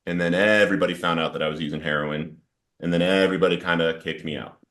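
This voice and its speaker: A man's voice: low-pitched, fairly even intonation, fast, fairly bright tone. A man sharing an earnest, emotional personal testimony about addiction and recovery as a podcast guest. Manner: earnest, storytelling with rising intensity in quoted outbursts.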